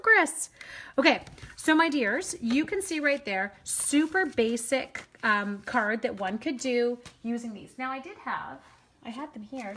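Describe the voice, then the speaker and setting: Brief: middle-aged Canadian woman, friendly, rambling craft-demo talk while she works, a touch high. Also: slight background noise. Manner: chatty, talks to viewers while crafting. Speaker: stamping demonstrator.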